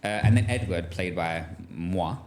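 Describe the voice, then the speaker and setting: A man's voice: low-pitched, measured pace, darkish tone, a little hiss or hum. A young man co-hosting a casual chat, jokey and laughing often. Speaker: podcast co-host.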